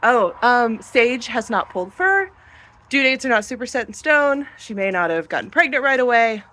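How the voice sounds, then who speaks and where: Very animated and a little high, her voice comes across bright and forceful at a normal speed. She's a woman in her thirties or forties casually vlogging her farm chores on a handheld camera, chatty, sweet with the animals, and occasionally breathless as she moves between outdoors and barns.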